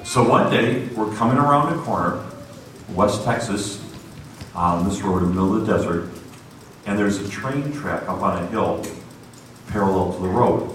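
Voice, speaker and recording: A man's voice: fairly low pitch, moderate pace, long pauses. A man telling a story in a sermon, acting out the voices of the people in it. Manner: animated, acts out voices in his story. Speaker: preacher. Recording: roomy echo, distant from the mic, faint noise.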